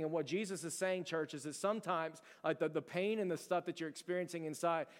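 A man's voice: fairly high pitch, clear, resonant tone. A man preaching a sermon as pastor, telling a story in an earnest, conversational and emphatic way. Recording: long reverb of a large hall.

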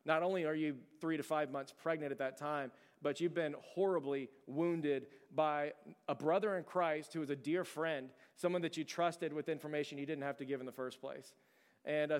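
A man's voice: on the high side, steady tone, normal speed, smooth. A man preaching a sermon as pastor, telling a story in an earnest, conversational and emphatic way. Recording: long reverb of a large hall.

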